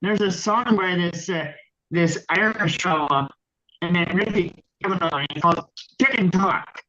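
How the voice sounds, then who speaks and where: A man joining a casual live chat, hesitant and halting. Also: sits high, pushed and bright, lo-fi sound.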